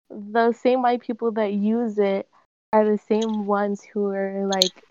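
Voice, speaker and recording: Young woman, unhurried speech, dry muffled lo-fi recording, casual chat. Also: mid-range voice, a little mellow, no echo. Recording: dull lo-fi sound.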